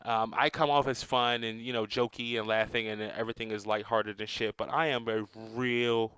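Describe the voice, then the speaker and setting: A man's voice: fairly low pitch, sharp tone, smooth, no echo, poor audio. A man ranting bluntly into the camera in a casual, profane monologue, with many restarts and "um"s. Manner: profane, blunt, repetitive, with frequent hedging restarts and "um"s. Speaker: vlogger.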